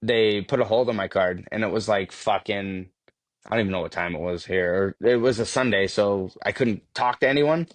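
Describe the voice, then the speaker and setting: Brief: podcast guest, male, lowish voice, loose and profane storyteller, dry studio sound. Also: normal speed, no room sound. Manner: swears freely, laughs through his stories. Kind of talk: casual storytelling.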